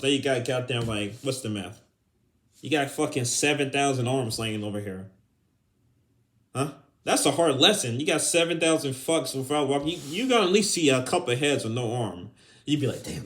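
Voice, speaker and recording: A man's voice: medium pitch, lively intonation, normal speed. Young male podcast host, mid-range voice, loose and profane, heated casual rant. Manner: profane, heated, breaks into laughter. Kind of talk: casual ranting monologue.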